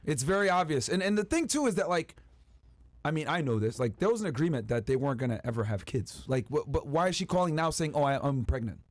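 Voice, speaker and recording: Fast, lively podcast co-host. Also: male voice, on the high side, no room sound. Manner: quick, lively commentary. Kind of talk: podcast commentary.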